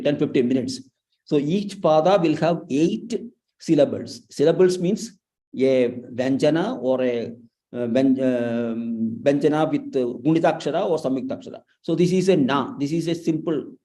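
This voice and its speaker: A man teaching a chanting class, slowly and patiently repeating syllables for his students. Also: mid-range voice, warm tone.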